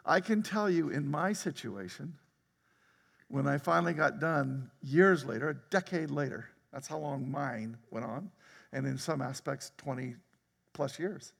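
A man preaching a sermon as pastor, talking conversationally, laughing often and breaking into sudden loud outbursts. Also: a little high, expressive, a little slow, gravelly, in a large hall. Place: church sanctuary.

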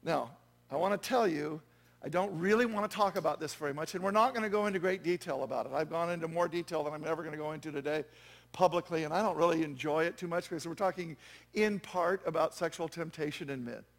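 A man's voice: on the high side, fast talker, vocal fry. A man preaching a sermon as pastor, conversational and self-deprecating, with frequent asides to the congregation.

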